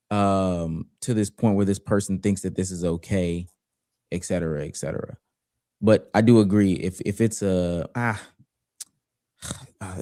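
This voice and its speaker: A man hosting a casual livestream chat, reading viewer questions and taking callers in a relaxed way. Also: on the low side, unhurried. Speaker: host.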